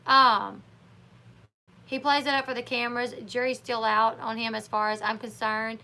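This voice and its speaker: A high, bright-toned woman with a twang talks through a casual livestream. She is opinionated and chatty, and she often acts out what other people said in lively put-on voices. Her voice sits high and sounds clear and forward. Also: normal speed. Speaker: livestream host. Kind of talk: casual live chat commentary.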